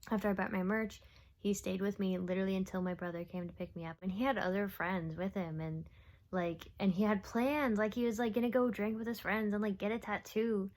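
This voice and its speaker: A young adult woman vlogs in a casual, confessional style, rambling and oversharing with plenty of fillers and soft laughs, now and then dropping to a whisper. Her mid-range voice keeps a steady tone and a brisk pace.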